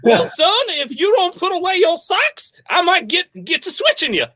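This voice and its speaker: A man's voice: extremely high pitch, sing-song, moderate pace, sharp tone, voice pushed up, full character voice. A man voicing a pushy street hawker who turns into a folksy Texan dad, with a Texan accent and a barking sales patter. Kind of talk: improvised comedy.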